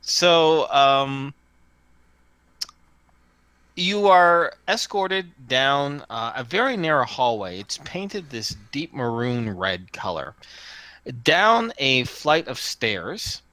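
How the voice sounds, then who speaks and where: A man's voice: medium pitch, very animated, slow, pauses often, bright, forceful tone, clear, resonant tone, no echo. A man narrating as game master of a tabletop role-playing game, describing scenes with many fillers and restarts.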